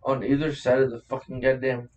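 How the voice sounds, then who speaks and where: A man's voice: medium pitch, flat delivery, a little mellow, distant mic, dull audio. Blunt, profane man talking from off-mic. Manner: blunt and profane, quick to laugh. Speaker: podcast co-host. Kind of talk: casual chat.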